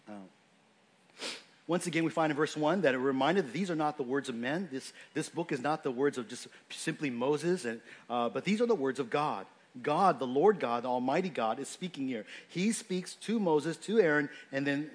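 A man giving a sermon in a conversational, unscripted way, with frequent fillers and restarts as he explains a scripture passage. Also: medium pitch. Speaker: pastor.

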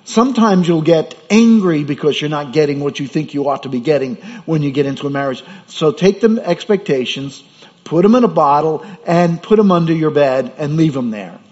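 A man's voice: fairly high pitch, lively intonation, normal speed, a little mellow. A man preaching a sermon as pastor, in a conversational way with rhetorical questions. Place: church. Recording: dull sound with hall reverb.

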